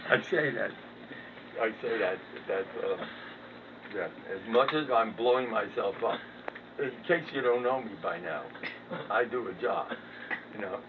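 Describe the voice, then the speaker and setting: A rabbi giving a humorous Torah talk, self-mocking and swinging from low mumbled asides to loud emphatic bursts. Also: male voice, animated, measured pace, long pauses. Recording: distant, tinny phone-quality recording with background noise.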